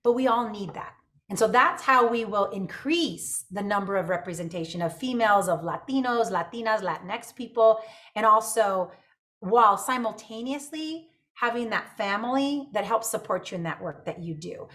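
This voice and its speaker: A woman's voice: medium pitch, expressive, moderate pace, a bit bright. A middle-aged woman, a superintendent and podcast guest, speaking with upbeat conviction. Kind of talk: casual conversational interview.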